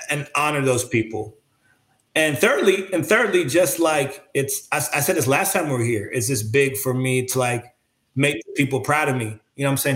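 A man talks earnestly as a guest in an interview, circling back and restarting as he searches for the right words. His voice is mid-pitched. The room around him gives a noticeable echo. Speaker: interview guest, creative artist. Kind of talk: reflective conversational interview. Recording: roomy echo.

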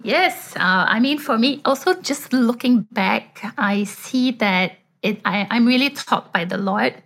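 A woman's voice: a little high, unhurried, a bit bright. A middle-aged woman, a mother and panel guest, telling a personal story in a reflective way, with light laughs between thoughts.

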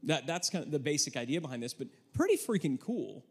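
A man's voice: a little high, big pitch swings, fast, husky, in a large hall. A man co-hosting a live business workshop, walking the audience through a process and tossing in playful jokes. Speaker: co-host presenting at a live workshop. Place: event room with an audience.

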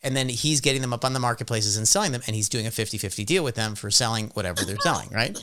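A man's voice: mid-range voice, animated, very fast, very noisy. A man hosting an interview, talking energetically and sometimes cutting in on his guest. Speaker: podcast host. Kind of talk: casual interview chat.

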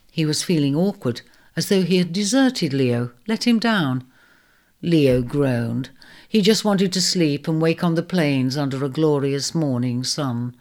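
A woman narrating a storybook in a measured, expressive reading. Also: sits low.

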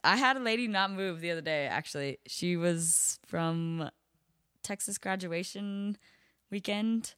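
A woman's voice: fairly low pitch, unhurried, fairly bright tone, clear, resonant tone, no room sound, clean studio sound. A young woman, a bottle service waitress, telling work stories in casual chat, full of "like" fillers and swearing freely.

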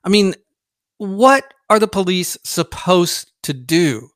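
A man's voice: high voice, lively intonation, slow pace, a bit bright, no room sound. A man hosting a political podcast, talking in a blunt, emphatic, conversational monologue into a close mic. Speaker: podcast host.

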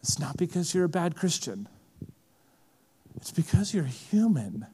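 Man, preacher, sermon, high voice, very lively pitch, unhurried delivery. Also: breathy edge. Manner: impassioned, rising to shouts then dropping low. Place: large event hall.

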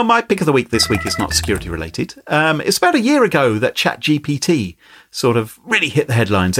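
Playful male host with a lively, swinging delivery and a mid-range voice; casual podcast banter. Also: medium pitch. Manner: playful, animated, laughs often. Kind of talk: casual chat.

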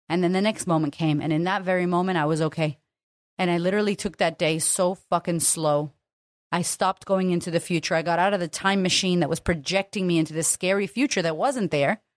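A woman's voice: fairly low pitch, dry recording, studio quality. Candid swearing woman confidence coach. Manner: candid, emphatic, swears freely. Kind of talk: motivational monologue.

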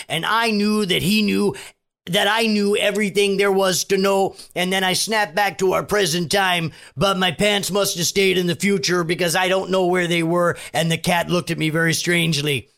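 Man doing a manic pillow pitchman, Minnesota accent. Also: a bit bright. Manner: rambling, manic, conspiratorial pitchman. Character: unhinged middle-aged male pillow salesman. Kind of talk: comedic impression.

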